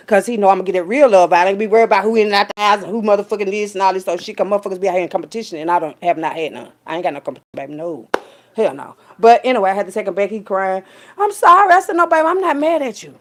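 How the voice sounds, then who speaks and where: A woman, telling a story in a casual rant full of profanity and swinging between loud, high bursts and low, quiet asides. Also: very fast. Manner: animated, profane, streetwise storytelling with big pitch jumps when quoting people. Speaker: vlogger.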